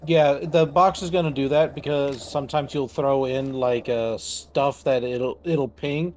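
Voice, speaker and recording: A man chatting casually while playing a co-op game, calmly calling out which rooms are clean. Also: medium pitch, unhurried, a little hiss or hum. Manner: easygoing, calls out progress. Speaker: gamer. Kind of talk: casual co-op gameplay chat.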